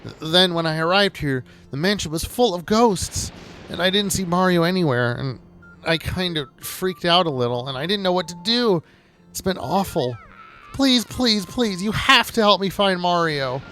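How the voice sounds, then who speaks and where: Shrill, frantic tiny mushroom guy, squeaky and teary, loud and high above his usual voice, full of panic. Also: expressive, moderate pace, faint music behind. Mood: panicked pleading. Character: panicky high-pitched male Toad, small and weepy.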